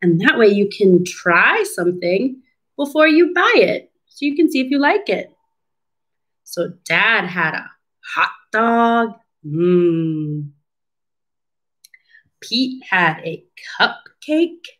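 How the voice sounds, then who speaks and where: Woman, storytime reading for kids, very slow and drawn out, lively sing-song pitch, asks the children questions. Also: poor audio. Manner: slow, animated, questioning children and pausing for answers. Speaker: speech therapist reading a storybook. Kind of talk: read-aloud storytime lesson for children.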